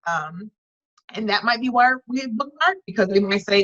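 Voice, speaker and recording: A woman's voice: medium pitch, lively intonation, moderate pace, a bit bright, no room sound, muffled recording. A woman leading an online workshop, talking earnestly and conversationally with frequent restarts and fillers over a video call. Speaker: workshop facilitator.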